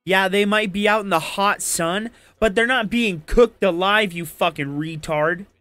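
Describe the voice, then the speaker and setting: A man's voice: sits high, measured pace, pushed and bright, no echo. Angry, profane man arguing politics. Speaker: debate participant. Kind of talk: heated political argument.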